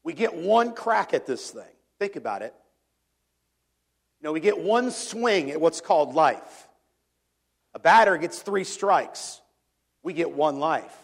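A man's voice: a little high, animated, measured pace, gravelly, long pauses. A middle-aged man preaching a sermon to a congregation in a conversational way, asking them questions and often repeating words as he goes. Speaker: pastor. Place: church before a congregation.

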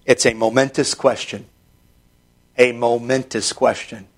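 A man preaching a sermon, reading Scripture slowly and building to emphatic, fervent passages. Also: medium pitch, fairly even intonation. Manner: emphatic, rising into fervent stretches; reads Scripture aloud in slow measured delivery.

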